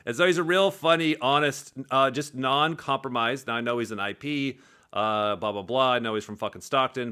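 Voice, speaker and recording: Fast, bright-voiced man commenting on clips. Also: mid-range voice. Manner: profane, animated, laughs often. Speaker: personality typing commentator. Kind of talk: casual commentary over clips.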